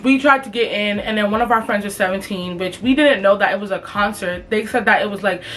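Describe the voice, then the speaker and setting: A woman's voice: medium pitch, fairly quick, a bit bright, a little hiss or hum. A young woman telling a storytime and answering questions in a chatty, slangy, profane way with lots of fillers. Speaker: vlogger. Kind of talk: casual storytime and Q&A.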